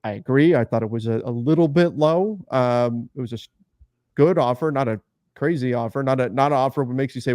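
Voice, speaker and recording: A man's voice: mid-range voice, brisk, darkish tone, no room sound. Man explaining casually in a dry recording. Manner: conversational, explains with everyday examples. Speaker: podcast co-host. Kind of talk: casual sports talk.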